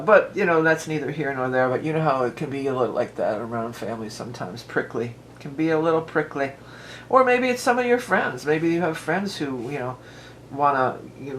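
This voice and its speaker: A woman with a bass voice gives a casual tarot reading at home, a dog nearby, with a little hiss or hum on the recording. Chatty and rambling, she often drifts into asides.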